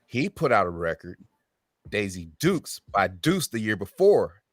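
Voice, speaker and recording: A music artist in his fifties, appearing as an interview guest, tells his story in a lowish voice with big pitch swings, speaking a little slowly. He acts out the voices of the people he quotes and keeps ending sentences with "right?". The sound is close and dry, with no room echo.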